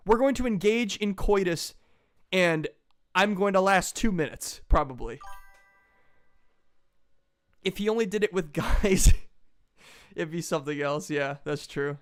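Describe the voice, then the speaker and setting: A man's voice: high-pitched, moderate pace, pauses often, smooth. A man in a casual comedic chat, ranting crudely and with lots of swearing. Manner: crude, profane, animated ranting. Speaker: podcast co-host.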